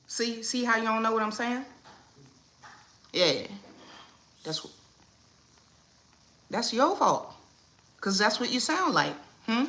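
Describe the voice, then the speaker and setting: A woman hosting a casual livestream from home. She talks in a playful, animated way, turning to her kids and greeting viewers by name. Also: a little high, takes it slowly, long pauses. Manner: animated, playful, talks to her kids and reads chat names mid-stream. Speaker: livestream host.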